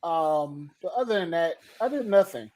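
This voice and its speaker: A man's voice: a little high, lively intonation, moderate pace, darkish tone. A tipsy man co-hosting a podcast in casual chat, reacting with laughing disbelief. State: tipsy from drinking. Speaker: podcast co-host.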